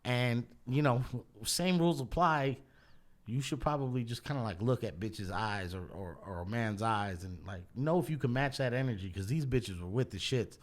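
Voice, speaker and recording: A man's voice: medium pitch, moderate pace. A man telling wild stories in casual podcast chat, swearing freely and laughing as he quotes people. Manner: profane, laughing storyteller, animated quoting. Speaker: podcast host. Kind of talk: casual storytelling.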